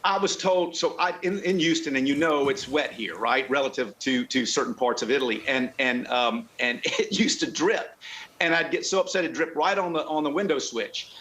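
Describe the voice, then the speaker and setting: A man's voice: mid-range voice, a bit bright, rough recording. A man talking as a car club guest on a video call. He rambles and halts, restarting his sentences often. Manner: rambling, halting, with many restarts. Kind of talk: casual chat.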